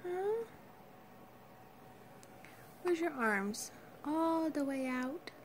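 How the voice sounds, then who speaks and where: A mother cooing soft, tender baby talk to her infant, often half-whispered, at home. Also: high-pitched, animated, very slow, slight background noise.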